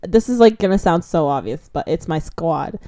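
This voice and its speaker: A woman's voice: sits low, lively intonation, normal speed, mellow, no echo, studio quality. A young woman co-hosting a podcast, chatting casually and gushing with frequent giggles. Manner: giggly, gushing, trails off into mumbles. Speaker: podcast co-host. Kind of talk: casual chat.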